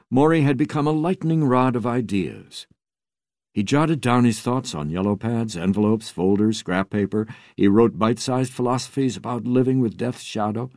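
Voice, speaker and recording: A man reading a book aloud on radio in a measured, even narration. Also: fairly low pitch, dry recording, clean studio sound.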